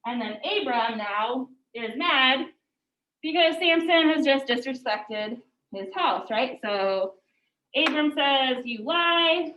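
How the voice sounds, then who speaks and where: A woman's voice: sits high, animated, slow pace, a bit bright, a little hiss or hum. A woman teacher explaining a text to her class in a casual lecture, often saying "like". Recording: echoey room, distant mic, muffled.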